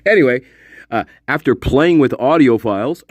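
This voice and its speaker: A man's voice: mid-range voice, lively intonation, very slow, long pauses, breathy edge, no room sound, studio quality. A man hosting a casual live stream from his room, rambling, swearing and laughing often as he talks to viewers. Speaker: channel host.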